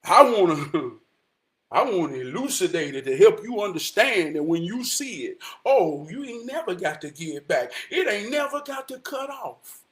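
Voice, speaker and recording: A man telling a coaching story and preaching about God, dropping to a hush for some lines, shouting and singing others, in casual Southern slang. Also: high voice, big pitch swings, normal speed. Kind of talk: spirited inspirational talk, preaching and singing.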